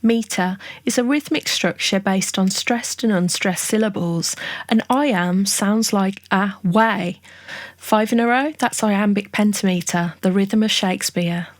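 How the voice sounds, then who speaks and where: A woman giving a scripted songwriting lesson, explaining each term in a clear, measured, list-like way. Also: medium pitch, no room sound. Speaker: songwriting tutorial narrator. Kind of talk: scripted educational narration.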